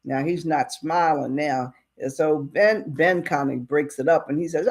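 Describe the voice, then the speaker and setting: A woman's voice: sits low, unhurried, few pauses. A woman casually retelling a western story in a chatty way, with asides to the listener.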